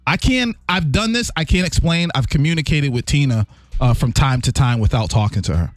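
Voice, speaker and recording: A man's voice: medium pitch, a little fast, no room sound, faint music behind. A man co-hosting a radio show, earnestly telling personal stories in casual chat. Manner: animated storyteller, earnest. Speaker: radio co-host.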